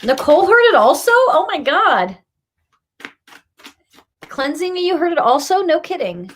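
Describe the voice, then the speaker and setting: A woman's voice: very high-pitched, sing-song, a little slow, a little hiss or hum. A woman hosting a live card reading, talking emphatically and scolding her viewers with laughter in between. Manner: emphatic, scolding, tough-love delivery with laughs. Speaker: spiritual reader and meditation host.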